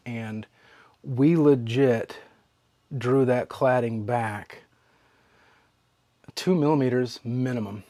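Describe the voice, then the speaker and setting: A man hosting a knife sharpening channel, talking casually to his viewers in a relaxed, chatty way while he works. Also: medium pitch, slow pace, pauses often, no room sound. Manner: relaxed and chatty, with fillers and trailing asides. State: hiccups. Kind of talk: casual demo talk to camera.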